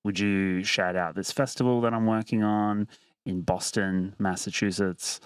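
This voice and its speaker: Aussie dude co-hosting a music pod, chill, laughs a lot, swears casually, dead dry mic. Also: male voice, on the low side, steady tone, unhurried, clear, resonant tone, dry recording. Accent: Australian. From Australia. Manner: laid-back, laughs often, swears casually. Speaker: podcast co-host. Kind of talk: casual podcast chat.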